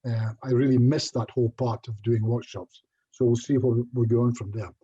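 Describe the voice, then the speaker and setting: A man's voice: mid-range voice, fairly even intonation, normal speed, dark tone, slightly rough, dull audio. A middle-aged Scottish man giving a casual online presentation as a hypnotherapist, chatty and self-deprecating, with little jokes. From Scotland.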